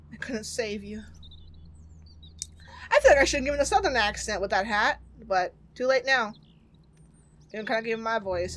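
Her voice sits in the mid range with a fairly bright tone, and there's slight background noise. She's a game streamer casually commenting on a horror game in a let's play, reactive and chatty, with jokes and swearing.

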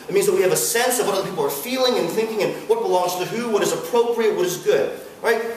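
A man giving a sermon at a campus fellowship, animated and playful with the audience laughing along. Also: high voice. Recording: echoey hall from far off, faint hiss.

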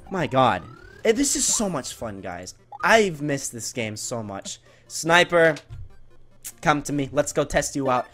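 An excitable man commentating his own gameplay in a high, bouncy voice that swings widely in pitch. He gets loud and repeats himself when things go well or badly, with faint game music underneath. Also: fairly quick. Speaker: gaming video creator.

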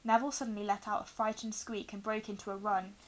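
A woman reading a children's novel aloud, telling it expressively and giving the quoted lines lively voices. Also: mid-range voice, fast, a little hiss or hum, low-quality recording. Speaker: reader.

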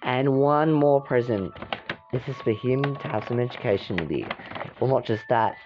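A woman voicing a calm, caring young woman bringing gifts, in a low, soft, affectionate voice on a dull lo-fi recording. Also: moderate pace, music in the background. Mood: tender.

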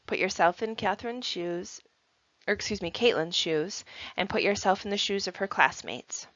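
A woman's voice: mid-range voice, normal speed, a bit bright. Woman teacher, reading aloud to a class, friendly, talks straight to listeners, slightly muffled recording. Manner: friendly, addresses listeners directly.

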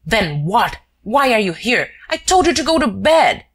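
A woman reading an audiobook, voicing an agitated English male detective who fires off indignant, shouted questions. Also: lowish voice, lively intonation, measured pace, breathy edge, voice pushed up, full character voice. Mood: angry.

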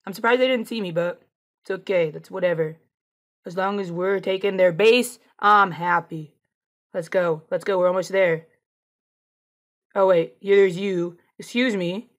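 A woman giving casual, excitable commentary over her own shooter gameplay, taunting opponents as she plays. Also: fairly low pitch, a little slow, long pauses. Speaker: gameplay streamer.

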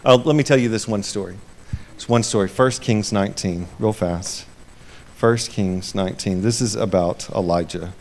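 A man with a lowish voice preaches an informal sermon at normal speed, retelling a scripture story conversationally, with slight hiss or hum. He moves from hushed to loud and emphatic, acting out the quoted lines.

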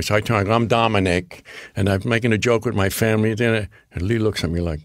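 A man's voice: on the low side, fairly even intonation, fast talker, hardly any pauses, no echo, clean studio sound. An older man with a Bronx accent, an actor telling rambling stories in an interview, full of restarts and acted-out quotes. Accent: New York Bronx. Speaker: guest actor. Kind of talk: storytelling interview.

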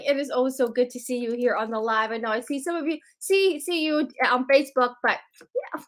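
A woman's voice: high-pitched, lively intonation, fairly quick. A woman hosting a live sales stream, greeting viewers by name in a bubbly, chatty way.

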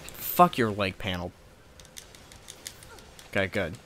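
A let's play gamer rants profanely and sarcastically at a boss fight, venting his frustration with the game. His low voice is animated, slow and a bit bright, with a little hiss or hum in the recording.

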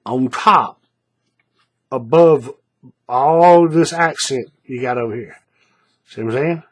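A man's voice: mid-range voice, slow pace, slightly rough. A man teaching a paracord bracelet craft in a hands-on tutorial, chatty and repetitive, often checking in with the viewer. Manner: chatty, repeats steps, checks in with "right?".

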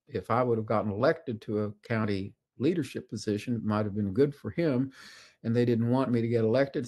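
A man's voice: mid-range voice, darkish tone. A man, a college professor giving a casual lecture that wanders into anecdotes, with many "uh"s and restarts. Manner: rambling storyteller with frequent "uh" and restarts.

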